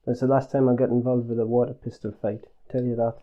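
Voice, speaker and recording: A man voicing a boastful factory owner chatting on the phone, with a deliberately put-on regional accent and breezy, cheeky banter. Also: fairly high pitch, big pitch swings, muffled recording, pitched above the performer's own voice.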